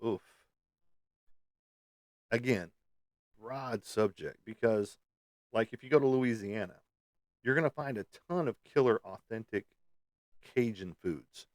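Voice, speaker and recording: A man's voice: on the low side, a little slow, long pauses, darkish tone, no room sound, studio quality. A middle-aged man from the United States chatting casually as a podcast host, rambling with many ums and uhs. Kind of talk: casual chat.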